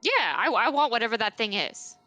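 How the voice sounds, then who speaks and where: A woman's voice: fairly high pitch, lively intonation, brisk, pushed and bright, faint music behind. A woman playing a tabletop game, insistent and repeating her point. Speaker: player. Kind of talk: casual tabletop play.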